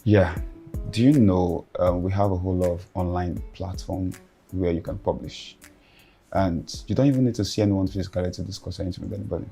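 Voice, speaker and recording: An actor with a Nigerian accent playing a businesslike, persuasive publisher. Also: male voice, low voice, a little fast, gravelly, warm tone, soft background music. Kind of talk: film acting.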